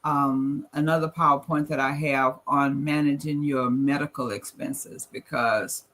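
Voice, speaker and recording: A man's voice: medium pitch, steady tone, a little slow, fairly bright tone. A man with a Southern US accent giving an earnest, plain-spoken presentation at a church gathering and reading scripture aloud. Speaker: guest presenter. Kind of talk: church financial talk with slides.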